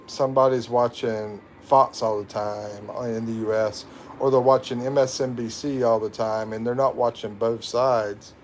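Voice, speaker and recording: A man's voice: mid-range voice, a little mellow. Man, American accent, livestream host, rambling, self-mocking, faint background noise. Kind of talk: casual livestream chat, reading comments. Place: home in the Philippines.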